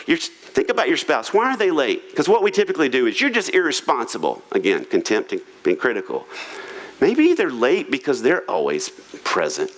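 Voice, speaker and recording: A man's voice: mid-range voice, poor audio. A man preaching a sermon in a humorous, conversational, self-deprecating way. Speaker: pastor. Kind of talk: sermon on marriage. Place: church auditorium.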